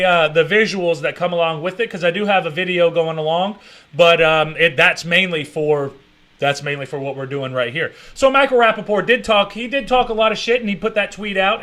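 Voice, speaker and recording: A man streams his reaction into a desk mic, talking casually and swearing freely. His voice sits high and bright, and he drifts from muttering into mocking, shouted bursts. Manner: profane, mocking, with sudden loud outbursts. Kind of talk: live-stream reaction commentary.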